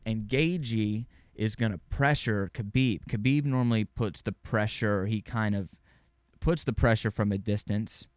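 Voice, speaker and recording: A man in his twenties hosting a podcast, rambling casually about fights, excitable and swearing now and then. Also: on the low side, a little slow, clear, resonant tone, no echo. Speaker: podcast host. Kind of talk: casual sports chat.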